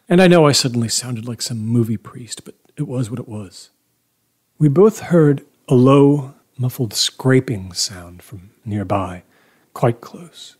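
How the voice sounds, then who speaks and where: A man reading first-person horror fiction aloud in a measured, low-key way, often dropping to near-whispers. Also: a little mellow, breathy edge. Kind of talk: first-person story narration.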